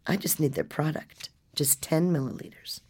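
A woman's voice: low-pitched, very animated, fairly quick, husky, full character voice. A woman voicing a distraught, determined mother. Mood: quiet, pleading. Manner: pleading, anguished outbursts. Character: distraught, fiercely determined mother of a sick boy.

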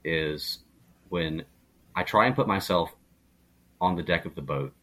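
Podcast guest: man with a very deep, husky voice, earnest and thoughtful. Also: measured pace, a bit bright. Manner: reflective, earnest, restarts often. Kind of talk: casual chat.

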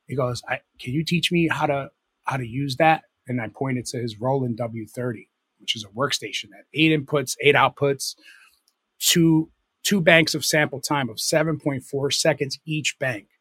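A middle-aged man with a husky, medium-pitched voice recounts stories as a guest in a relaxed interview. He meanders, restarts his sentences and corrects himself, and the recording is dry and close. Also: normal speed, no echo. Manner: rambling, self-correcting anecdotes with many fillers. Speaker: guest, DJ and producer. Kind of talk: casual storytelling interview.

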